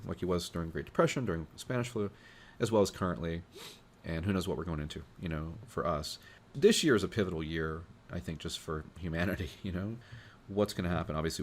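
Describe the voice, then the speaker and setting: Low, gravelly man musing over charts. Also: a little hiss or hum. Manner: thinking aloud, musing with frequent fillers and restarts. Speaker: astrologer host. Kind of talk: informal talk walking through charts.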